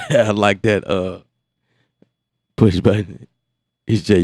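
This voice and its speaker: A very deep-voiced American man talking loosely to his stream, animated and exasperated, restarting and repeating words as he goes. His voice sounds close and dry, with no room around it. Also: slow, no echo. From United States. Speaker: beat-making livestream host. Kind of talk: casual livestream chat.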